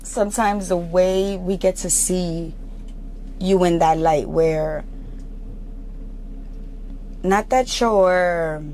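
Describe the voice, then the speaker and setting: A woman with a Brooklyn accent hosting a casual chat, animated and full of stories that she tells in voices. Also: fairly low pitch, extremely slow, pauses often, slight background noise, poor audio. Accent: Brooklyn, New York. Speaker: host.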